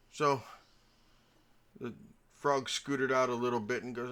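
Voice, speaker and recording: A man at a mid-range pitch runs a tabletop game, telling stories theatrically. His voice swings up and down as he spins the tale. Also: flat delivery, normal speed, a bit bright. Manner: theatrical, storytelling with shifting pitch. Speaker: game master. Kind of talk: narrating and voicing characters in a tabletop game.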